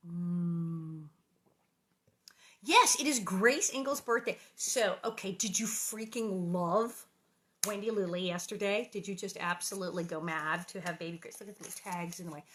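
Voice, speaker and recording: A middle-aged woman talks casually to her livestream viewers from her living room, bubbly and full of rambling asides. Her voice is bright and forceful, and it comes through a webcam-style mic. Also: fairly low pitch, moderate pace, slight background noise. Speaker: livestream host reading aloud.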